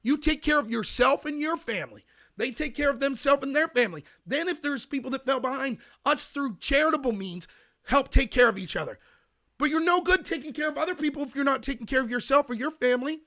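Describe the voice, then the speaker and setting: A man's voice: very high voice, animated, a little fast, pushed and bright. An American man hosting a political commentary show, ranting emphatically and answering his chat. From United States. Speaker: podcast host.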